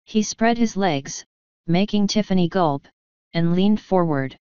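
A woman with a low, very smooth voice reads a fantasy novel aloud in steady, expressive storytelling. The sound is dry and a little dull, with no room around it. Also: a little slow, dry recording. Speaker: audiobook reader. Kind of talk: audiobook narration.

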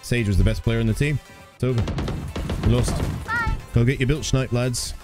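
A man's voice: mid-range voice, normal speed. A man chatting with his live chat while playing a shooter game, laughing often. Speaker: streamer. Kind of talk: casual live gameplay chat. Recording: game music and gunfire behind. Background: game sounds and gunfire.

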